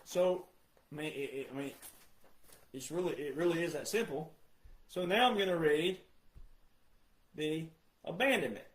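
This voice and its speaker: Male commentator, insistent and repetitive delivery, higher pitch, echoey room sound. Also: normal speed, pauses often. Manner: insistent, repetitive, addresses "ladies and gentlemen". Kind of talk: emphatic monologue.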